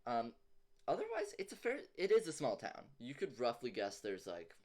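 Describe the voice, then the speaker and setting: A man's voice: mid-range voice, huge pitch swings, normal speed, a little mellow. A man narrating a tabletop game as game master, describing scenes loosely with many fillers.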